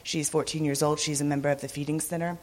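A woman who has lost her voice, speaking hoarse and raspy in a chatty church presentation about a mission trip, often laughing. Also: low voice, level tone, fast talker, darkish tone. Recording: echoey hall.

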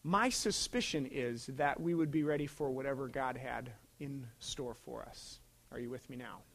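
A man in his thirties preaching a sermon as pastor, in a conversational way that swings from loud emphasis to hushed asides. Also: medium pitch, normal speed, vocal fry.

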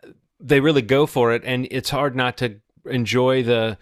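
A man's voice: mid-range voice, steady tone, normal speed, dry recording, clean studio sound. A man in his forties talking through a movie on a podcast, thoughtful and hesitant, with many restarts. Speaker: podcast co-host. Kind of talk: casual film discussion.

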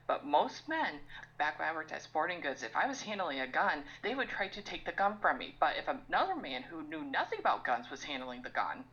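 A woman's voice: on the low side, fairly bright tone, lo-fi sound. A young woman ranting on a casual podcast, swearing often and sounding exasperated. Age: young adult. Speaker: podcast co-host.

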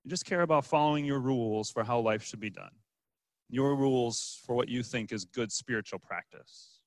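A man's voice: mid-range voice, normal speed, no echo. A man preaching a casual, joking sermon as a pastor, with frequent fillers and restarts. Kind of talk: conversational sermon.

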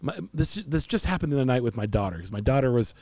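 A man hosting a podcast, chatting casually in quick animated bursts with many restarts. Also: medium pitch, no room sound. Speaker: podcast host. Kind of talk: casual chat.

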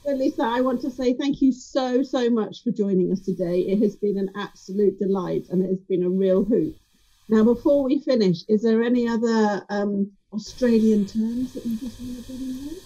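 A woman's voice: on the high side, fairly even intonation, moderate pace, warm tone. A woman hosting an interview, chatting in a friendly, talkative way with rambling asides. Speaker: host. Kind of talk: casual interview chat. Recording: dull lo-fi sound.

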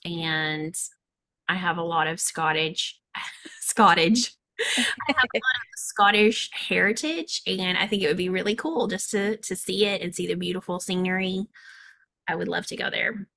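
Southern country lady chatting, bright voice, bit of gravel, laughs a lot. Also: mid-range voice, moderate pace. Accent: American Southern country. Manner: playful, laughs often. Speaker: co-host. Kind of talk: casual chat.

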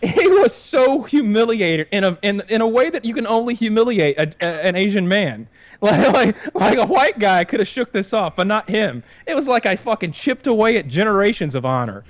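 A man's voice: high voice, big pitch swings, moderate pace, no room sound. Profane rambling male storyteller. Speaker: podcast storyteller. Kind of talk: casual storytelling.

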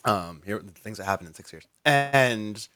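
A man's voice: on the low side, animated, normal speed, pushed and bright, no echo. A man telling a long story as a guest in an interview, rambling with lots of "like" and restarts.

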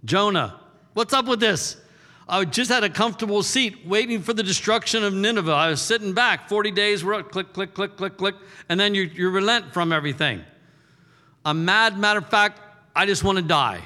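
A pastor voicing a sulking, angry male prophet who complains in a high, indignant voice, heard in a reverberant hall. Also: lively intonation, a little slow, sharp tone, full character voice. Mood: indignant whining.

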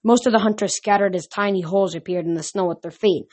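A woman reads a novel aloud for her podcast. Her voice sits at a medium pitch, and she tells the story plainly, with occasional slips and restarts. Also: quick pace, a little mellow. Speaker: podcast reader.

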